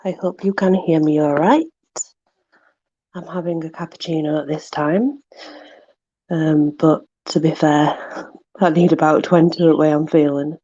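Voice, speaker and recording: Woman, casual read-aloud, amused and puzzled, unhurried pace, dry close recording, dull lo-fi sound. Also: low voice, steady tone, mellow, no room sound. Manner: amused and puzzled, laughs often. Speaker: vlogger. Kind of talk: casual reading aloud from a book.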